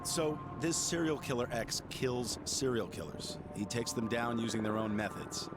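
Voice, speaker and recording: An actor playing a hard-bitten male ex-agent detective who asks terse, gruff questions in a video game. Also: medium pitch, normal speed, over loud music, natural voice. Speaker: game protagonist.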